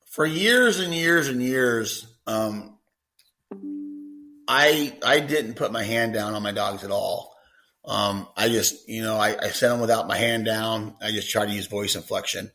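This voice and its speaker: A man's voice: lowish voice, measured pace, sharp tone. A man who trains retriever dogs, answering listener questions in a rambling, conversational way with many repeated words. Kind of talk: podcast Q&A answer.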